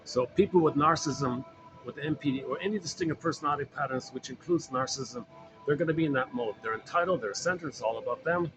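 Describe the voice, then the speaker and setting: A man's voice: medium pitch, quick pace, muffled recording, music in the background. A man lecturing informally on psychology, rambling and repeating phrases with frequent fillers. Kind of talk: informal recorded talk.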